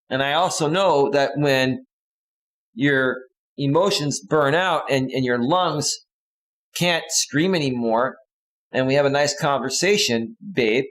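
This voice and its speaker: Man with a mid-range voice coaching. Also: medium pitch. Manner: earnest, lecturing, repetitive. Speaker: relationship coach. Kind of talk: casual advice monologue.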